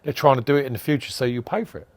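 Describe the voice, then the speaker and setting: A man's voice: mid-range voice, rapid-fire, no echo. A man being interviewed on a podcast, chatting casually, telling stories, acting out conversations and laughing often. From England. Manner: chatty storyteller, acts out dialogue, laughs often. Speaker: podcast guest, events promoter.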